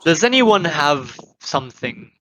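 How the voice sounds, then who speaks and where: A man playing in a tabletop game, planning quickly and rambling with fillers. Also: fairly high pitch, big pitch swings, sharp tone. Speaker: player.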